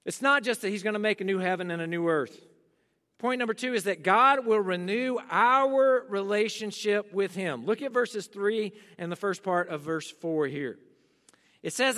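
A male pastor preaching a sermon, shifting between loud emphatic calls and hushed, slow scripture reading. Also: sits high, expressive, long reverb tail. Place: church sanctuary.

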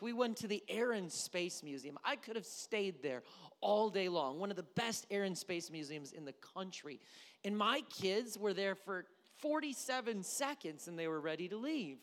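A male pastor preaching a sermon, telling stories with humorous asides in an animated way. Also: high-pitched, in a large hall. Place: church sanctuary.

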